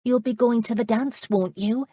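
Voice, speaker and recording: A woman's voice: on the high side, steady tone, normal speed, dark tone, breathy edge, no room sound, voice pushed up. A woman voicing an eager, lovesick young village girl who talks boldly and earnestly. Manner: bold, earnest and pleading. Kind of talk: audiobook character voice.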